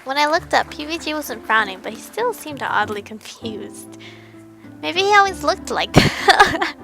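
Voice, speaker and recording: A woman's voice: high voice, very animated, takes it slowly, long pauses, pushed and bright, faint music behind, low-quality recording. A young woman narrating a visual novel game aloud, breaking in with playful, giggly reactions. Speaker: game streamer.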